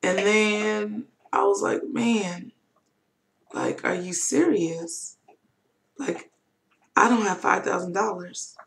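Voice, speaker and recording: A woman's voice: medium pitch, slow pace, vocal fry, long pauses, slight background noise. A young adult woman telling a personal story on her webcam vlog, candid and emotional, with lots of fillers. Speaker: vlogger. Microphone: webcam mic.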